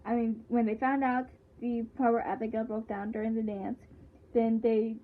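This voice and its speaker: A woman's voice: on the high side, level tone, normal speed. A woman chatting casually as she recaps a show, rambling with lots of fillers and restarts. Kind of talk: casual chat. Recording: tinny phone-like sound.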